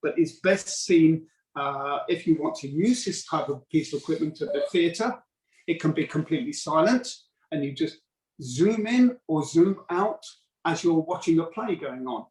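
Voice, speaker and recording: A man's voice: on the high side, expressive, moderate pace, a little mellow. A middle-aged man demonstrating a product on a video call, casual and rambling, with many fillers and restarts. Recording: roomy, distant video call audio.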